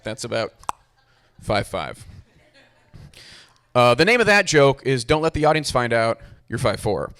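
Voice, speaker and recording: A man's voice: mid-range voice, a bit bright, smooth. A young man doing a stand-up comedy set with a dry, self-deprecating delivery. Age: young adult.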